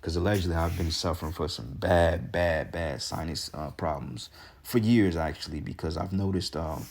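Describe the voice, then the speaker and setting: A religious commentator with a congested voice gives a casual but heated talk, ranting and swearing, with readings from scripture in between. He speaks at normal speed in a deep, creaky, slightly mellow voice.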